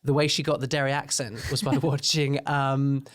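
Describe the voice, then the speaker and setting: A man co-hosting a podcast, talking in a relaxed, playfully teasing way. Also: mid-range voice, moderate pace. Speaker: podcast co-host. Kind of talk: casual chat.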